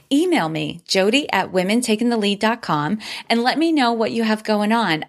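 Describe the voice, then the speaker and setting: Woman podcast host, solo episode, upbeat and grateful, medium pitch. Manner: upbeat and grateful, reads listener reviews aloud.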